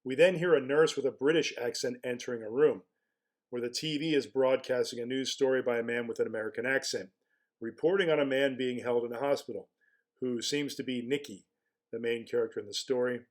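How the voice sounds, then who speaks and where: A man at a mid-range pitch gives casual spoken commentary as a blogger. He wonders aloud as he goes, putting rhetorical questions to the listener and stumbling back over his words before he pushes on. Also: brisk. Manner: musing, asks rhetorical questions, frequent restarts.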